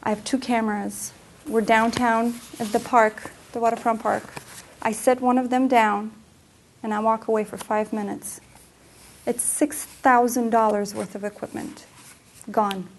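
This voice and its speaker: A woman's voice: on the high side, flat delivery, normal speed. Earnest woman coach giving a talk. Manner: earnest, personal storytelling. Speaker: emotional health coach. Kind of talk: presentation talk. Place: center for women presentation room.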